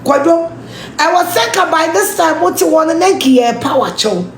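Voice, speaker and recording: A woman's voice: very high voice, animated, normal speed, echoey room, a little hiss or hum. A Ghanaian woman giving a scolding, emphatic rant, speaking English mixed with Twi and repeating her points. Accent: Ghanaian English, mixing in Twi. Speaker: commentator. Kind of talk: ranting social media commentary.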